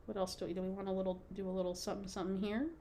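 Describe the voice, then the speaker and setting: A woman talks her viewers through a scrapbook page on a live stream in an indoor craft room, playful and chatty and quick to laugh. Her voice sits at a middle pitch. A faint hiss of noise stays under the voice throughout. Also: level tone, dark tone. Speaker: scrapbooking livestream host. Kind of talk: casual crafting livestream chat.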